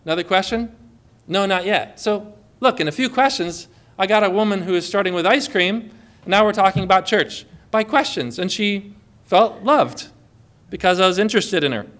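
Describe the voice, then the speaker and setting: A man's voice: high voice, animated, moderate pace, fairly bright tone. A man giving an informal Christian teaching talk outdoors on a boat, conversational and full of rhetorical questions and stories.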